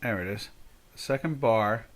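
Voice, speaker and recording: A man's voice: fairly low pitch, unhurried. An older man hosting a live trading stream, chatting casually and thinking aloud as he works. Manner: chatty, thinking aloud while fixing settings. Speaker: trading show host.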